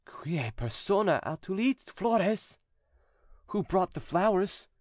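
A man's voice: high voice, sing-song, slow pace, dry recording, studio quality, pitched above the performer's own voice, full character voice. A male narrator voicing a stern priest-exorcist who puts formal, commanding questions to a demon.

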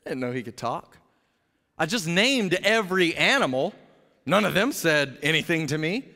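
A man voicing a dim, aloof first man who shrugs off blame in a deadpan way. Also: fairly high pitch, moderate pace, full character voice. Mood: dopey. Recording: long hall reverb.

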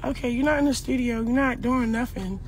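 Outdoors in and around a car, a young mother films a live phone video, upset, shaken and angrily ranting, cursing and repeating herself. Her voice is on the high side with fairly even intonation, a little fast, with slight background noise.

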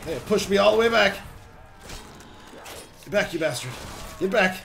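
Young male gaming host, high voice, casual chatty commentary, faint background hum. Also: moderate pace, gravelly. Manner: chatty, excitable, swears under pressure.

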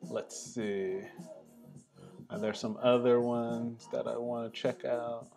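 A man hosting a casual art appreciation vlog, talking in a relaxed, chatty, enthusiastic way. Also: medium pitch, slow, vocal fry, faint music behind. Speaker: host.

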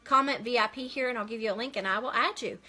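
A woman's voice: a little high, quick pace, bright, forceful tone. A woman hosting a casual live makeup stream, chatting as she works and answering viewer comments aloud.

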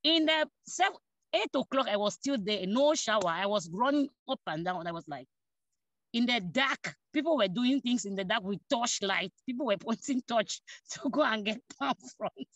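Woman telling a lively testimony. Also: a little high, moderate pace, no room sound. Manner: animated, acts out dialogue, laughs between phrases. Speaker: church member giving testimony. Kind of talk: personal testimony storytelling. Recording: dull dry lo-fi recording.

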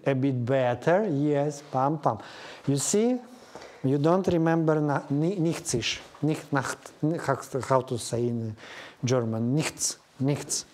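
Piano accompaniment plays behind this live ballet class, where the teacher, a native Russian speaker with a Russian accent, counts out beats and calls students by name to correct them. The voice is mid-range with a darkish tone.

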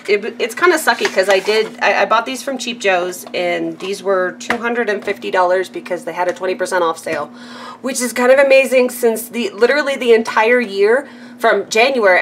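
A chatty woman from California rambles through a casual craft supply show-and-tell at a mid-range pitch. She fills the gaps with ums and restarts, and laughs at her own asides. A faint hum sits under her voice. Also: a bit bright. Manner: chatty and rambling, with frequent ums and self-corrections. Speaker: craft vlogger.

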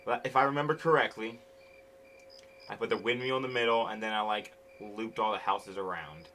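A man's voice: lowish voice, a little fast, sharp tone, a little hiss or hum, rough recording. A man hosting his gaming channel, giving casual commentary as he plays, grumbling impatiently and swearing often. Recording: game music playing under the voice. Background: video game music.

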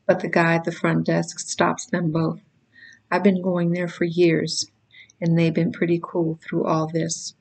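A woman reading a novel chapter aloud in first person, measured and steady, with occasional stumbles she corrects. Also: on the low side, low-quality recording. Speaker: reader.

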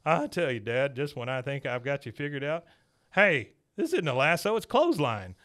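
A man's voice: mid-range voice, very animated, normal speed, a bit bright. A man voicing an earnest, flustered middle-aged son who pleads with his father.

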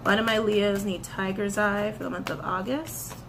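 A woman reading tarot and crystal meanings, animated, repeating her phrases and breaking into excited outbursts. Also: medium pitch, normal speed, background noise. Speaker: tarot reader.

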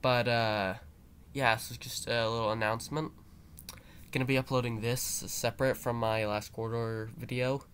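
A man's voice: mid-range voice, level tone, normal speed, a bit bright, slight background noise. A man with a cold and a stuffy nose, rambling in a mock-serious, mournful way and swearing a lot in a casual vlog. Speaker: YouTuber.

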